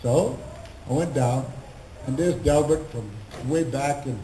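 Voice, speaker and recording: An older man, pitched a little high for his age, recounts stories with animated gusto and acts out the voices of the people he quotes. His voice carries through a roomy convention hall with a faint hum of crowd behind it. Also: unhurried. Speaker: convention panel guest. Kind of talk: anecdotal storytelling.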